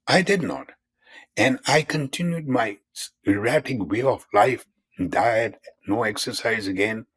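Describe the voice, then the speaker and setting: A man's voice: medium pitch, a little slow, a bit bright, husky. An older man in his seventies, a physician guest in a conversational interview, who explains in an earnest way and repeats key terms.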